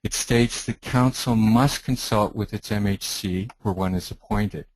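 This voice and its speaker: Low-voiced man giving a webinar talk. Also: no echo, rough recording. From Canada. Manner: measured, explanatory, with some restarts. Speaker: webinar speaker, heritage planning consultant. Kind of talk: webinar presentation.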